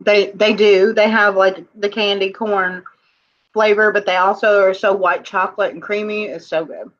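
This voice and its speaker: A woman's voice: medium pitch, fairly even intonation, normal speed, lo-fi sound. A woman co-hosting a casual live-stream jewelry auction, chatting and laughing as she reads viewers' comments. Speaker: online auction co-host.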